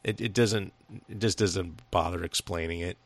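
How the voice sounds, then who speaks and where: A man's voice: deep voice, fairly even intonation, moderate pace, no room sound. A man co-hosting a podcast, chatting casually about a movie, rambling, swearing a lot and laughing often. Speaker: podcast co-host. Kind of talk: casual profane movie chat.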